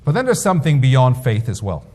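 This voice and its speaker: A rabbi delivering a sermon, telling stories with emphatic, lively delivery. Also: male voice, mid-range voice, brisk. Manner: storytelling, emphatic. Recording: long reverb.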